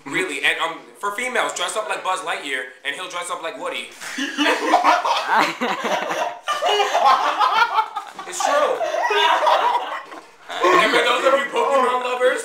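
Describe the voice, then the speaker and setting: A man's voice: big pitch swings, measured pace, long pauses, over a noisy crowd. A man doing a crude, giggly comic rant for a vlog, often jumping into squeals. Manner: loud, crude, giggly, jumps into high squeals. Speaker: vlogger. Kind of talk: rowdy comic monologue to friends. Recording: echoey room with friends around.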